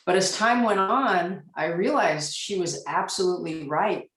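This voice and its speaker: A woman's voice: fairly low pitch, far from the mic. Reflective woman in an echoey room. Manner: candid, reflective, with frequent "um" pauses. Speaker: panelist, police officer. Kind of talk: panel discussion storytelling.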